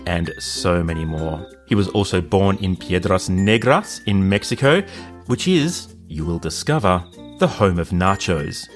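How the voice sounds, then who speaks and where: A man with an Australian accent, co-hosting a casual podcast and telling stories in a chatty, animated way. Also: sits low. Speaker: podcast co-host.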